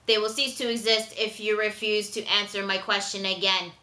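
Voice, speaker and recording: A woman's voice: medium pitch, flat delivery, moderate pace, sharp tone, roomy sound, natural voice, rough recording. A woman voicing a cold, menacing male android villain with a stiff, mechanical delivery. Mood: cold, threatening.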